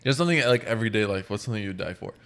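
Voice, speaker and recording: A man's voice: fairly low pitch, lively intonation, racing, a bit bright. A young man, co-hosting a casual podcast and asking blunt, offhand questions. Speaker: podcast co-host. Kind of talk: casual chat.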